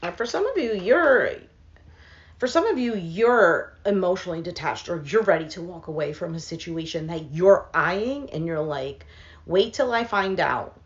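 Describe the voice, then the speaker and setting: Woman, casual tarot reading, thinking aloud with fillers, lowish voice, muffled lo-fi recording. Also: animated, moderate pace. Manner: thinks aloud with fillers, speaks to viewers as "some of you". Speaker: tarot reader.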